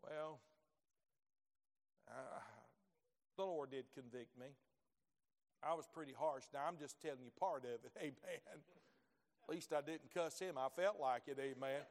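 A middle-aged preacher with a fairly high-pitched voice, carried by a long, ringing church reverb. He tells homely stories in a folksy way, sinking to quiet asides before rising to loud, shouted peaks. The mood throughout is a live sermon delivered from the pulpit. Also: moderate pace.

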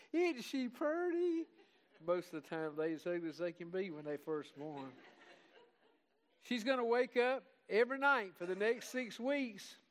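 An older man preaches in a fairly high voice. He talks in a heartfelt, homespun way and builds to fervent, louder emphasis when he reads aloud. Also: rough recording. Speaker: pastor. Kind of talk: sermon.

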